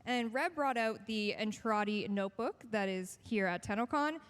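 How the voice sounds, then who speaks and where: A woman's voice: on the high side, normal speed, smooth. A woman hosting a live event on stage, upbeat and playful as she runs audience giveaways. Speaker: stage host.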